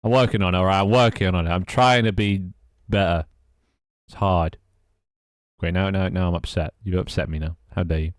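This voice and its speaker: A British man with a deep, low voice, talking half to himself and half to his viewers while he works on code. He grumbles and swears when something breaks and then drifts into easy chat. The sound is close and dry, with no room around it. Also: steady tone, fairly quick, dry recording. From Britain. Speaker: streamer. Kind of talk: casual live-stream chat while coding.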